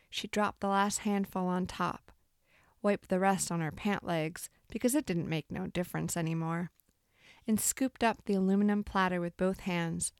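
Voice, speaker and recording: A woman narrating a literary short story in a calm, even storytelling manner, lightly voicing the characters' dialogue. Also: on the low side, clean tone, no room sound, studio quality.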